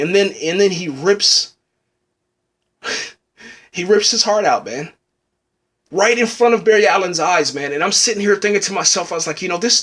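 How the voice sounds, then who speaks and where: A man's voice: sits high, animated, normal speed, long pauses, a bit bright, husky. A man reviewing a TV episode in casual, rambling talk, often saying "man", getting tearful as he speaks. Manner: rambling, says "man" a lot, restarts. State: tearful, choked up.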